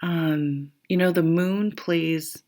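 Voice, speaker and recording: A woman gives a relaxed tarot reading with a low, gravelly voice and an unhurried pace. She sounds tired, wanders from thought to thought with plenty of fillers, and laughs or curses lightly now and then. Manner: rambling, thinking aloud with many fillers; laughs and swears casually. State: tired, yawning. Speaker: tarot reader.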